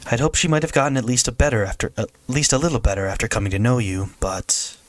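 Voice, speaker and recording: A man voicing a polite, sleepy young woman speaking softly on the phone, read aloud from a visual novel. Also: mid-range voice, fast, no room sound, lightly acted. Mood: gentle. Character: polite, tired young woman, calm and gentle.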